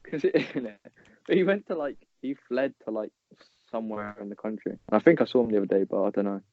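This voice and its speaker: A young man co-hosting a podcast, telling stories in a giggly, lively way in casual chat. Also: fairly low pitch, fairly quick. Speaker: podcast co-host. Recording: dull lo-fi sound with faint noise.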